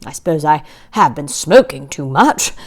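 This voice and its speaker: A woman reading a story aloud, voicing a weary middle-aged husband who speaks low and calming. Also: normal speed.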